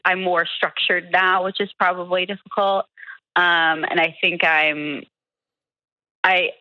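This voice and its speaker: A woman's voice: on the low side, dry recording. Hesitant woman caller on a dull line. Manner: hesitant, halting, many fillers. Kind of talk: phone-in conversation.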